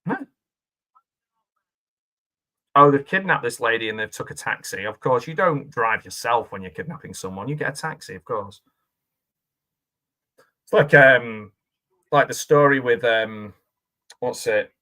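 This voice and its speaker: A man's voice: mid-range voice, lively intonation, normal speed, pauses often, pushed and bright. A man giving casual, rambling reaction commentary on a film, chatting and laughing as he goes. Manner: chatty and rambling, with frequent laughs and self-questioning asides.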